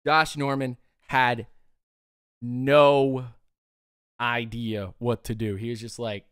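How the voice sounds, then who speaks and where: A man hosting a sports show, breaking down game plays with excitable energy and frequent laughter. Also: medium pitch, takes it slowly, smooth, no room sound, studio quality. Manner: excitable, breaks into laughter, acts out players in quotes. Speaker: sports podcast host. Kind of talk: animated sports commentary.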